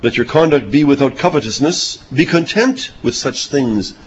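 A man's voice: medium pitch, expressive, moderate pace, lo-fi sound, slight background noise. An older man preaching a sermon, reading scripture and telling folksy childhood anecdotes with chuckles.

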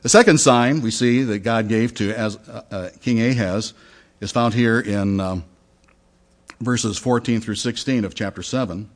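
Male pastor giving an easygoing sermon, mid-pitched voice, conversational with asides. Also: moderate pace. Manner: conversational, with fillers and restarts.

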